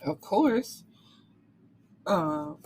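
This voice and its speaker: A woman's voice: fairly high pitch, very animated, very slow, creaky, a little mellow, slight background noise. Candid woman recapping a novel. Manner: candid, profane, voices characters' lines. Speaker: book reviewer. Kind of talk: casual book recap.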